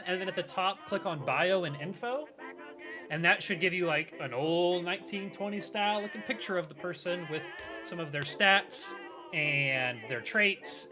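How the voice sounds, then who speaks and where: A man's voice: sits high, lively intonation, moderate pace. Chatty man running a tabletop game. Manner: loose and chatty, many fillers. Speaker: game master. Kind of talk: explaining rules of a tabletop game. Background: background music.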